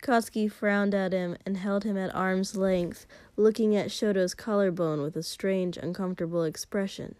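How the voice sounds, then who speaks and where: A woman reading fan fiction aloud in a slow, unhurried way. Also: mid-range voice, clean tone, no echo. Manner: slow, even, unhurried narration. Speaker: reader.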